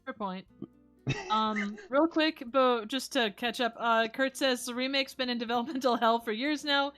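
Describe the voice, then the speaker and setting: American woman reading stream chat, high bright voice, giggly and playful. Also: normal speed, soft background music. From United States. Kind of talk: casual live-stream chat.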